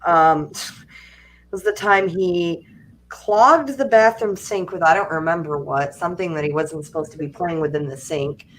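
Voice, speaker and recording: A woman's voice: on the low side, measured pace, a little hiss or hum. A young adult woman hosting a livestream, chatting casually and telling funny stories with frequent laughter. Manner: animated storytelling, laughing often. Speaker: livestream host. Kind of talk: casual chat.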